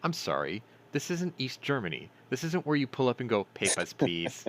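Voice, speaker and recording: A man's voice: mid-range voice, huge pitch swings, fairly quick, a bit bright, a little hiss or hum. A man hosting a news commentary stream, reading articles aloud and adding sarcastic, profane remarks, stumbling over names.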